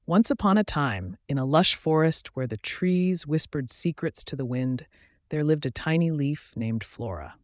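A man narrating a bedtime story in a gentle, soothing, even read. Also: fairly high pitch, unhurried, no room sound, studio quality.

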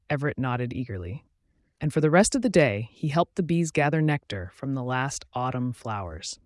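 A man narrating a bedtime story in a soothing, even storyteller's manner. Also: mid-range voice, moderate pace, no room sound, studio quality.

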